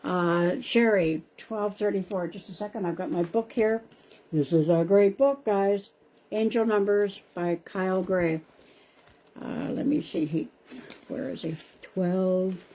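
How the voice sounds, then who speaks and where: A woman's voice: mid-range voice, unhurried, warm tone. A woman hosting a live stream as a psychic medium, chatting casually and calling viewers by name, often repeating herself. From Canada.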